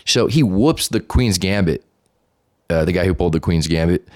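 A young man hosting a podcast, telling a casual, profane story and acting out the quotes loudly. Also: low voice, normal speed, no echo, clean studio sound. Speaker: podcast host.

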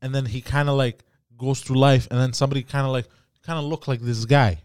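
A man hosts a casual podcast, spinning crude, rambling stories. His voice sits at a middle pitch. The sound is dry and close to the mic. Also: steady tone, fairly quick, darkish tone, smooth, no room sound. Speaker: podcast host.

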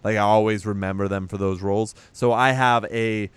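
A man's voice: on the low side, steady tone, moderate pace, clean tone, dry recording. A man casually retelling a movie's plot on a podcast, acting out the characters' lines and laughing along. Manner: rambling retelling with acted-out quotes and laughs. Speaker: podcast co-host recapping a movie. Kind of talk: casual chat.

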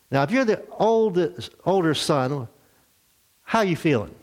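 A man preaching a sermon, telling a story with lively acted-out voices. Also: a little high, unhurried. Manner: animated storytelling, acts out characters. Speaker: pastor.

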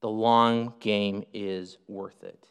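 A man preaching an expository sermon, emphatic, swinging up and down in pitch to stress his points. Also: level tone, slow, smooth. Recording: reverberant hall.

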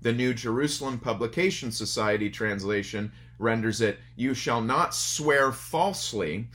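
A man's voice: mid-range voice, normal speed, a bit bright. A man preaching a sermon in a conversational, storytelling way at a church service streamed online. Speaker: pastor.

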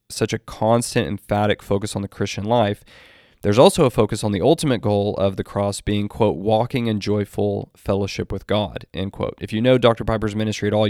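Measured low-voiced man reviewing an article. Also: darkish tone, dry recording, studio quality. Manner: deliberate, quotes text at length with restarts. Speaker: Christian commentator. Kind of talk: spoken commentary on an article.

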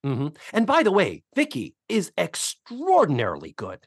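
A man's voice: high-pitched, moderate pace, slightly rough, dry recording, studio quality. A man co-hosting a casual podcast, recapping a sitcom episode and acting out the characters' lines. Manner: animated, acts out characters' lines in quotes. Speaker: podcast co-host.

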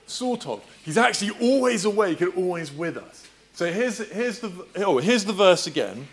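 A man's voice: high voice, normal speed, slight background noise. A man preacher giving a playful all-age talk in a church service, quizzing the children and reading scripture aloud. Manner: animated, playful, quizzing the audience. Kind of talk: lively children's talk with questions.

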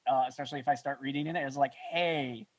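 A man hosting a podcast, relaxed and casual, chuckling between phrases. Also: medium pitch, racing, no room sound, poor audio. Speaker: podcast host. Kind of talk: casual interview chat.

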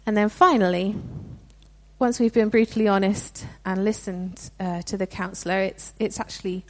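A woman's voice: mid-range voice, fairly even intonation, moderate pace, a little mellow. A young woman giving a sermon in a conversational, earnest way, with frequent restarts. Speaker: preacher.

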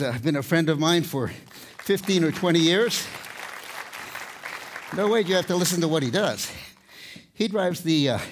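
Older man, fairly high voice, live talk, short of breath, storytelling. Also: slight background noise. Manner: storytelling, warm humor, pauses to catch breath. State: out of breath at times. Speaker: tightrope walker giving a talk. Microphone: microphone, speaking to a live audience.

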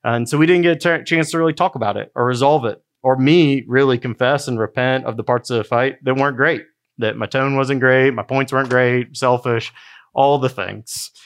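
A middle-aged man, a pastor, preaching a sermon in a relaxed, storytelling way. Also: medium pitch, normal speed, clean tone. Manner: conversational storytelling preaching, with quoted asides.

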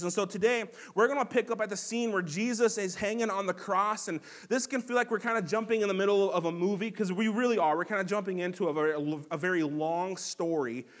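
A man's voice: high voice, a bit bright. A man preaching a sermon as pastor, earnest and conversational, with frequent fillers and restarts. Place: church sanctuary.

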